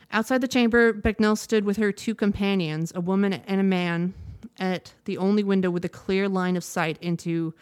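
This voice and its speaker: A woman reading a news report aloud in a measured, steady way, now and then stopping to correct a word. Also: medium pitch, clear, resonant tone. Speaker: news reader.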